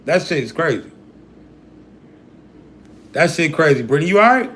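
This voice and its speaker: A man hosting a livestream who lectures his chat in a slangy, profane sermon. His voice is high and bright and pushes forward. He sounds hyped and sure of himself. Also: big pitch swings, normal speed, slight background noise. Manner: preachy, profane, hype talk with slang. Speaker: livestream host. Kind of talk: casual livestream rant.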